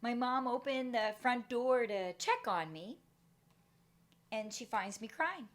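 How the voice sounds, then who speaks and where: A middle-aged woman speaks in a fairly high voice, giving a motivational talk. She tells a personal story with energy and acts out the voices of the people in it. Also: lively intonation, slow pace. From Canada.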